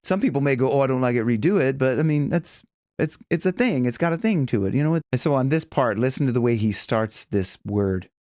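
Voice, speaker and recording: Chatty male vocal coach, lively pitch. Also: brisk, no echo, clean studio sound. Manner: chatty, rambling, breaks into high sung examples and vocal fry. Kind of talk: casual vocal lesson with sung demonstrations.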